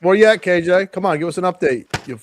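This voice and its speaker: A man's voice: high-pitched, expressive, quick pace, slight background noise. A man chatting casually on a podcast, cursing and teasing the others. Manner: swears freely, teases others. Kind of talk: casual banter.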